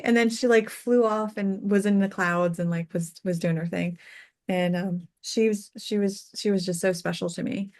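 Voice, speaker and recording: A woman with a mid-range voice tells personal stories as a guest on an interview show. She speaks earnestly and from the heart, scattering "like" through her sentences. Her voice goes soft and quiet on the tender moments. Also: medium pitch, steady tone, measured pace. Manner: earnest and heartfelt, peppered with "like" fillers. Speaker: death doula, podcast guest. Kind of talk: casual interview storytelling.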